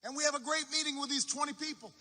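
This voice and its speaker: A man speaking at a campaign rally, telling a story slowly, repeating words for effect and restarting mid-phrase. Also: very high-pitched, steady tone, sharp tone. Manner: unhurried anecdote with repetition for effect and halting restarts. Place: large university arena. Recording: echoey arena with long reverb.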